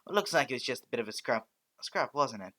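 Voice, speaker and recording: A man voicing a loud, cheerful male hero in a fan story reading, talking in a boisterous, buddy-like way. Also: medium pitch, big pitch swings, fast talker.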